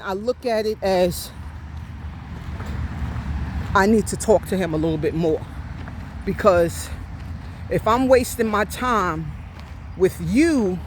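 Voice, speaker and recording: A woman in her fifties talks at an unhurried, drawn-out pace as she walks outdoors, slightly out of breath. She confides in her listeners and keeps checking in with them. Faint street sounds sit behind her voice. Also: medium pitch, darkish tone, slight background noise. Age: 50s. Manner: confiding, with frequent "right?" check-ins. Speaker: vlogger. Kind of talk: casual storytelling while walking. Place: outdoors on a walk.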